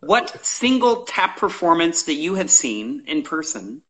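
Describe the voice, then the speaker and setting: A man hosting a live interview, asking quick-fire questions in a brisk, encouraging way. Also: on the high side, sing-song, a bit bright, poor audio. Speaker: host.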